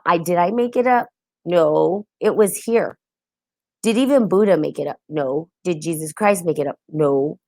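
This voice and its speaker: Chatty woman host with a low voice. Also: a little mellow, no echo. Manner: chatty, often adds "right?" and greets viewers mid-talk. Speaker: host of a live-streamed spiritual talk show. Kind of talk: casual live-stream talk.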